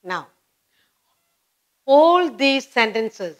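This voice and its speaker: A woman's voice: medium pitch, expressive, a little slow, pauses often. A woman teaching a grammar lesson to children, speaking patiently and repeating each example sentence.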